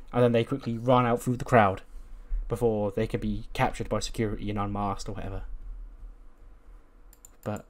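A man's voice: medium pitch, a little mellow. Guy rambling through his wrestling booking game, casual, swears a bit. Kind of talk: casual play-by-play narration.

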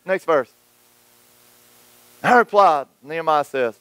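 A high, smooth-voiced man preaches from the pulpit, dropping to a hush and then climbing to an excited pitch. He slips into quoted voices as he goes. The sound is dry and close. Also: moderate pace, no echo, low-quality recording. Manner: dynamic preaching with wide swings between hushed and raised delivery; acts out quoted voices of church folk and critics. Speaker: pastor. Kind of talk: sermon.

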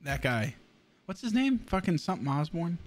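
A young man casually commenting on his gameplay as a streamer, excitable and swearing often. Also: on the high side, normal speed.

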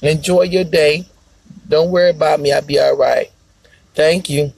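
A man's voice: a little high, fairly even intonation, unhurried, creaky, a little mellow, husky, no echo, low-quality recording. A male comedian on a phone live stream, brash and foul-mouthed, talking straight to his viewers.

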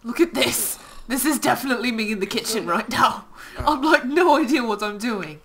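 A woman playing Ciel, a bossy young boy earl, in cosplay role-play over a video game. She teases dryly and breaks into laughing shouts. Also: a little high, animated, moderate pace. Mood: haughty. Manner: bossy, dry teasing, bursts into laughing shouts. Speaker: gaming channel host. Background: game music.

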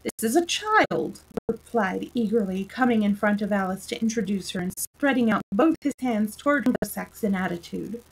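A woman storyteller reading a classic storybook aloud in a lively, expressive way. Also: mid-range voice, brisk, creaky, hardly any pauses, husky, rough recording.

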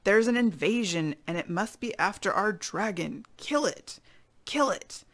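Woman doing a furious yelling jungle mob. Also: medium pitch, expressive, measured pace, pitched above the performer's own voice. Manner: yelling, raised and frantic.

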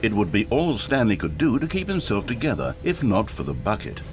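An actor playing a wry, omniscient male game narrator, speaking in measured, mock-grave tones. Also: on the low side, huge pitch swings.

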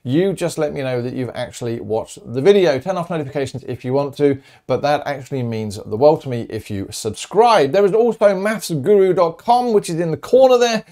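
A man's voice: on the high side, brisk, few pauses, warm tone. A middle-aged man teaching a recorded maths lesson in a chatty, upbeat and encouraging way, talking straight to his students.

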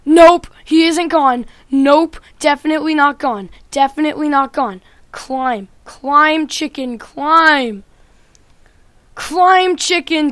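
A woman giving playful Minecraft gameplay commentary, trash-talking loudly one moment and muttering quietly the next. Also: high-pitched, no echo. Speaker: gaming YouTuber.

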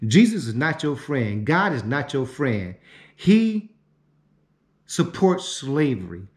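A man delivering a profane, repetitive ranting monologue, swinging from shouting to muttering. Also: medium pitch, big pitch swings, slow pace. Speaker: online commentator. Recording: roomy echo.

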